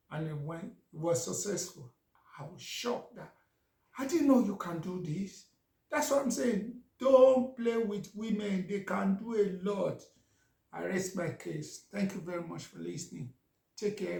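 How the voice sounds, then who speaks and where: A man's voice: high voice, lively intonation, measured pace, vocal fry, a little mellow, roomy sound. A man, a vlogger telling a casual story and talking straight to his viewers. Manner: anecdotal, addresses viewers directly.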